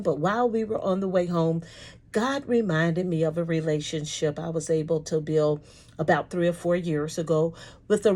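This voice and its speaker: Lady with a lowish voice, folksy faith story, leans hard on words and slows down for them. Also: darkish tone. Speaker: Christian speaker.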